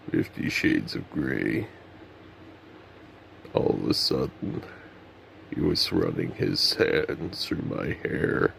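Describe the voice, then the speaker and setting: An ultra-deep, bassy murmur. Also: male voice, gravelly, slight background noise, exaggerated voice. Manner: slow, low, murmuring delivery. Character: very deep, bassy-voiced man, an impression of a famous internet voice.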